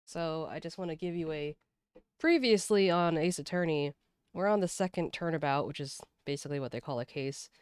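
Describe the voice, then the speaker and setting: A woman's voice: low voice, fast, hardly any pauses, darkish tone, clean tone, no echo. Woman streamer, casual game commentary, chatty and rambling, dry close sound.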